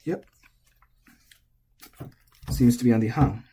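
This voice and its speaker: A man giving a relaxed, casual language lesson, thinking aloud and correcting himself as he goes. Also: mid-range voice, takes it slowly, husky. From United States. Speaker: language teacher.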